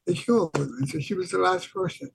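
Older man with a husky gravelly voice. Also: high voice, fast, no room sound, poor audio. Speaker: radio co-host. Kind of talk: radio talk show.

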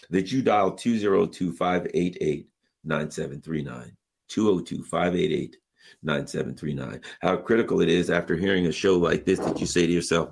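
A man hosting a radio talk show, ranting with passion and sarcasm through political commentary and an on-air fundraising pitch. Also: sing-song, a little fast, creaky, slightly rough.

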